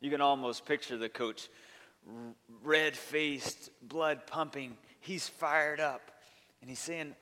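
A man preaching a sermon at an unhurried, deliberate pace. He talks earnestly and with emphasis, building long lists point by point. His voice carries the long reverb of a large church sanctuary. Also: a little high, steady tone, pushed and bright. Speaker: pastor.

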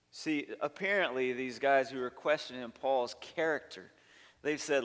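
A man preaching a sermon at an unhurried, deliberate pace. He talks earnestly and with emphasis, building long lists point by point. His voice carries the long reverb of a large church sanctuary. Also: medium pitch, a bit bright. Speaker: pastor.

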